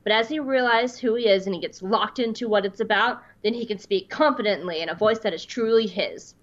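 Brief: casual woman host, mid-pitched, filler-heavy chat, lo-fi sound. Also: fairly quick. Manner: chatty, filler-heavy, reads quotes aloud. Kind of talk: casual commentary.

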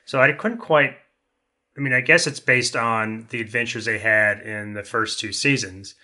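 A man's voice: medium pitch, fairly even intonation, moderate pace, bright, forceful tone. A man chatting casually as a podcast panelist, rambling with many restarts. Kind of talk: casual chat.

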